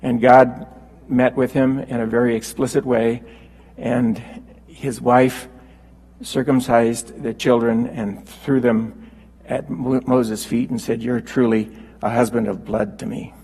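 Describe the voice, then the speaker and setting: A man preaching a sermon, unhurried and halting with fillers, rising when he quotes scripture. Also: mid-range voice, level tone, a little mellow, breathy edge, big-room sound, low-quality recording.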